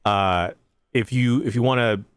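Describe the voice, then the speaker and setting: A man's voice: mid-range voice, unhurried, clear, resonant tone, no echo, clean studio sound. A man co-hosting a video game podcast, joking and explaining youth slang in casual chat. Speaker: podcast co-host.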